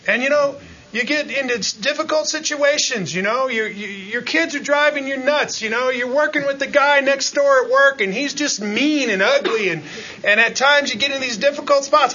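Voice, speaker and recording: A man preaching a sermon as pastor, dropping to quiet asides and then climbing into loud, rising pleas, often calling out "Amen?" to the congregation. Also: very high-pitched, normal speed, dull audio.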